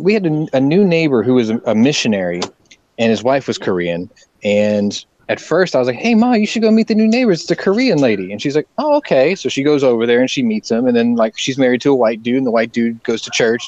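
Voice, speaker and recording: A man's voice: mid-range voice, no room sound, lo-fi sound. A man hosting a casual online lobby and telling profane family stories, voicing the people in them as he goes. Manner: storytelling, profane, animated quoting. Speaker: lobby host. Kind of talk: casual chat.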